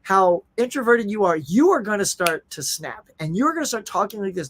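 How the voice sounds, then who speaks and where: Man, middle-aged, casual live-stream host, animated, chatty. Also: high-pitched, normal speed, few pauses. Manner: animated, chatty, reads viewer comments aloud.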